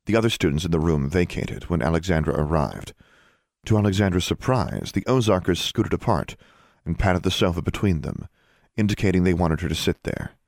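A man reading a fantasy novel aloud as an audiobook narrator, measured and even. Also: sits low, no room sound, studio quality. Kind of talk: scripted narration.

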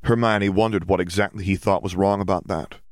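A man narrating a story in a steady, even reading voice. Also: low-pitched, a little fast, no room sound, clean studio sound. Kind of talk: audiobook fiction reading.

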